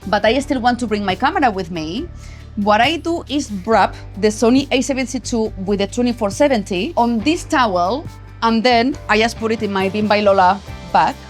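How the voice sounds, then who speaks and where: A woman's voice: on the high side, normal speed, faint music behind. Chatty Spanish-accented woman vlogger. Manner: chatty, emphatic, tags lines with "okay?". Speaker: photography vlogger. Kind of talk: casual travel gear vlog. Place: travel location.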